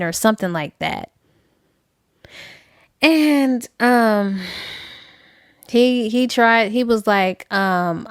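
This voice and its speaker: A woman's voice: mid-range voice, animated, slow pace, long pauses, smooth, no echo, clean studio sound. A woman casually retelling a novel's plot for a book review, chatty and full of fillers, acting out the characters' lines.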